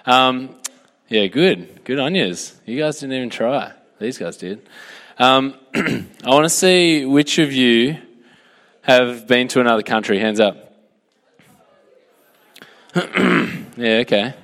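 A young man with an Australian accent preaches in a relaxed, joking way, chatting with his listeners and polling the room. His mid-pitched voice carries a long reverb, as if it fills a large hall. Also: slow, pauses often. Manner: joking, chatty, asks for a show of hands. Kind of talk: casual sermon to a youth group.

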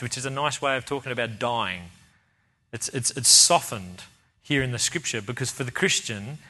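A man delivering a sermon in an earnest, emphatic way. His voice sits at an ordinary middle pitch for a man. He leans on repeated phrases to drive each point home. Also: pushed and bright. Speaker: preacher.

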